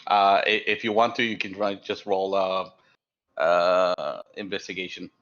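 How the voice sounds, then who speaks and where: A man's voice: sits low, fairly even intonation, a little slow, a bit bright. A young man acting as dungeon master in a tabletop game, rambling with many fillers and restarts. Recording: dull lo-fi sound.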